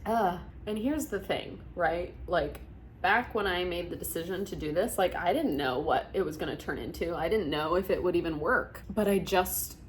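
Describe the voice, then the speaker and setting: Emotional young woman vlogging, lowish voice. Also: slight background noise. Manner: emotional, laughing through tears, many likes and restarts. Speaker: vlogger and virtual assistant business coach. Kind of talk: casual reflective talk to camera.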